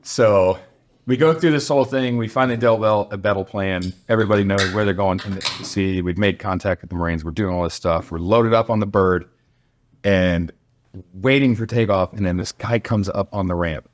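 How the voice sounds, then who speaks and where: A man's voice: on the low side, moderate pace. A man casually telling a military war story on a podcast, swearing freely and acting out the people he quotes. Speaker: podcast guest, former soldier.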